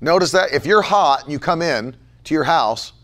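A middle-aged man preaching a sermon, emphatic, repeating key phrases and slowing down to stress them. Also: fairly high pitch, animated, a bit bright.

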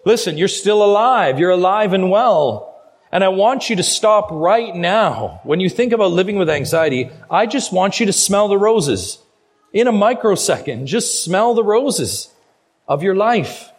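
A middle-aged man preaching a sermon with a slightly raised pitch. He is earnest and urging as a guest pastor, and he drags out the key phrases for weight. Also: big pitch swings, a little slow, breathy edge. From Canada.

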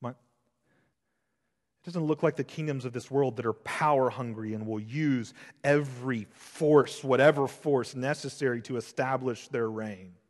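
A man preaching an expository sermon as pastor, shifting between loud emphasis and hushed, intense passages. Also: medium pitch, normal speed. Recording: long hall reverb.

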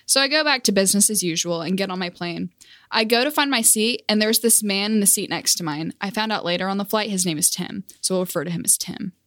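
A woman's voice: mid-range voice, quick pace, a bit bright, no echo, studio quality. Self-mocking young woman telling a story. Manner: self-deprecating, awkward, laughs at herself. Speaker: vlogger. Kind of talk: casual storytime monologue.

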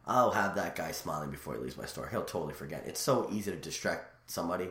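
A man with a very low voice talks quickly and excitedly, piling up stories with plenty of restarts and asides. His casual chat is recorded in a noticeably echoey room. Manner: rambling, animated storyteller with many restarts. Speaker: guest.

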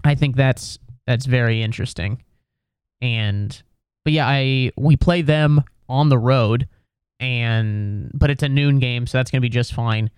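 A man's voice: unhurried, smooth, dry recording, studio quality. A young man hosting a podcast, chatting casually in a rambling, profane, exasperated way, sometimes jumping up into mocking voices. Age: young adult. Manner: swings up into mocking high voices when mimicking others. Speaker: podcast host. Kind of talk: casual sports talk.

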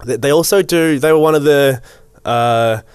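A man's voice: medium pitch, normal speed, clean tone, dry recording. A man co-hosting a podcast in casual chat, easygoing and hesitant with fillers, recorded close and dry. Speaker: podcast co-host.

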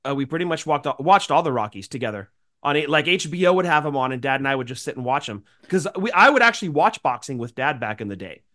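A man's voice: mid-range voice, lively intonation, fast talker, bright, forceful tone. A man co-hosting a podcast, sick with a cold and sounding nasal, chatting in a rambling, grateful way. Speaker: podcast co-host. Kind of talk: casual chat.

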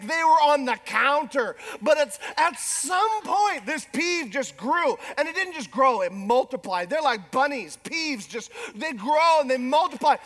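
A middle-aged man with a strikingly high voice delivers a sermon. He is animated and quick to poke fun at himself. His words echo with a long reverb through a large church hall. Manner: animated, self-deprecating humor, acts out quoted spouses. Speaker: pastor.

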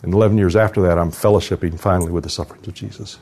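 A man's voice: low voice, steady tone, rapid-fire, a little mellow. An older man giving an earnest devotional talk at a conference, telling a personal story and closing in prayer. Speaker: conference speaker. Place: conference hall.

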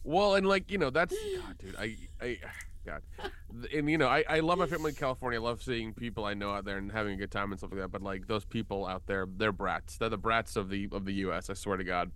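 A man co-hosts a casual podcast. His pitch moves a lot, and he rambles on with plenty of fillers and swearing as he chats. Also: expressive, fast, a bit bright. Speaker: podcast co-host and producer.

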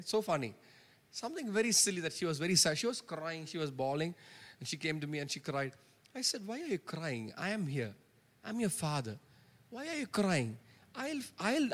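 A man's voice: on the high side, sharp tone. Man preaching in a reverberant church. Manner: emphatic preaching with repeated phrases and call-and-response "Amen?". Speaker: pastor. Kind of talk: sermon. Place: church sanctuary. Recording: long reverb of a church hall.

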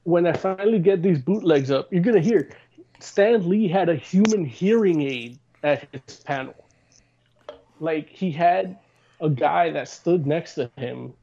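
A man's voice: a little high, animated, unhurried, creaky, warm tone. A man hosting a podcast in casual chat, rambling and hesitant with lots of restarts. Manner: rambling, full of fillers and restarts. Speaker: podcast host. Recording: slightly dull lo-fi sound.

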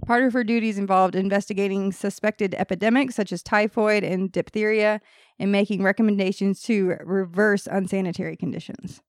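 A woman hosts a casual podcast, reading a history story from her notes. She keeps slipping into laughing banter with the others. Her voice sits at a middle pitch, and it is recorded dry and close. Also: fairly even intonation, fairly quick, dry recording. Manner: reads notes then breaks into laughing banter.

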